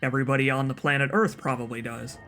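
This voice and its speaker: A man's voice: medium pitch, fairly even intonation, quick pace, bright, forceful tone, soft background music. A man hosting a let's play, giving casual, wry commentary with stammered restarts.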